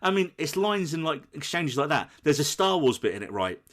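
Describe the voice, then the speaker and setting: A man co-hosting a film podcast, telling a scene with lively, acted-out quotes. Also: on the high side, brisk. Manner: animated storytelling, acts out quoted lines. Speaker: podcast co-host. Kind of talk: casual film chat.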